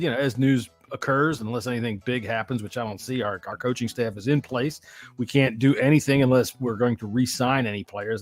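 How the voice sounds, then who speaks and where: A middle-aged man hosting a podcast in casual chat, laughing often and swearing as he banters. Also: medium pitch. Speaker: podcast host.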